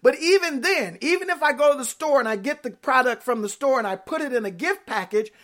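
High-voiced woman preaching playfully. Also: brisk. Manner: animated, playful preaching with rhetorical questions. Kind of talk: sermon.

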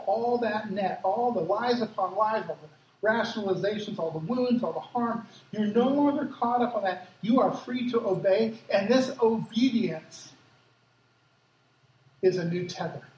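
A man who grew up in Africa, preaching a sermon with lively personal stories and acted-out quotes, as a pastor. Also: high-pitched, a little slow, lo-fi sound, a little hiss or hum. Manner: lively storytelling, acts out quotes. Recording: echoey hall from far off, faint ambience.

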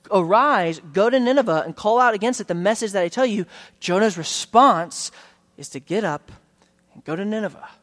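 A pastor giving an earnest, conversational sermon in a church, often restarting phrases and slowing down on key words. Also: male voice, high-pitched, a bit bright. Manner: earnest, conversational preaching with frequent restarts and slowed emphasis.

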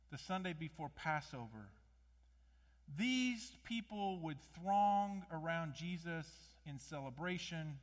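Guy preaching a sermon, high voice, lots of rhetorical questions, gets loud then drops, long reverb. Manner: animated, rhetorical questions, rising to loud emphasis. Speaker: pastor.

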